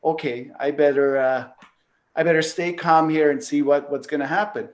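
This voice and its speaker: Fairly high-pitched and steady, the Canadian podcast host speaks at a moderate pace as he casually shares a personal story. He meanders through it with many fillers and an occasional swear word.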